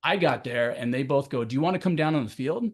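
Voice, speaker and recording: A man coaching high jump, chatting as a podcast guest, telling animated stories and acting out the people he quotes, often laughing as he talks. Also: fast. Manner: laughs often while talking. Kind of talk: casual podcast chat.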